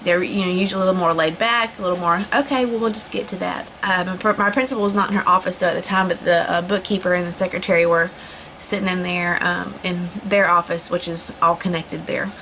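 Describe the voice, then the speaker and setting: A woman's voice: lowish voice, fairly even intonation, quick pace, pushed and bright, slight background noise, rough recording. A young woman chatting casually to camera, rambling with lots of fillers and restarts. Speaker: vlogger. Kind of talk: casual storytelling vlog.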